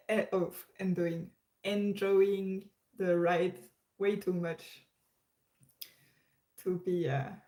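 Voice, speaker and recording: Slow-talking woman chatting on a livestream. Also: mid-range voice, fairly even intonation, a little mellow. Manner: chatty, hesitant, many restarts and laughs. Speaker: livestream host. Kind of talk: casual livestream chat. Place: her room. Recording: roomy echo.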